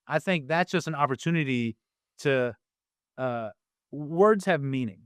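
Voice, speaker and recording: A man's voice: mid-range voice, lively intonation, a little slow, smooth, no room sound, studio quality. A man in his thirties, a father and podcast guest, speaking reflectively with many fillers and sometimes acting out his children's voices. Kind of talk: casual conversational interview.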